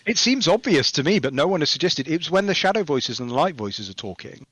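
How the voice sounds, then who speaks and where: A man's voice: fairly high pitch, quick pace, breathy edge, no room sound. A man guesting on a podcast, chatting casually and telling stories with frequent laughter. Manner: chatty, laughs often, lively storytelling. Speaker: game developer guest.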